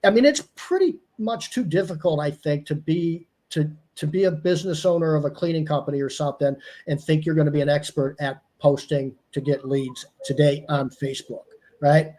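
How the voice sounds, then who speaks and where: A man's voice: a little high, moderate pace, hardly any pauses, mellow. A man hosting a casual livestream chat, rambling and laughing often, sometimes muttering asides. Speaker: host.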